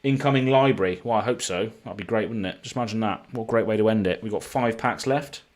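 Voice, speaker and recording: Talking fast in a fairly low voice, this British-accented man from the UK opens packs during a live stream. He keeps up a chatty commentary, listing off each card name as it turns up.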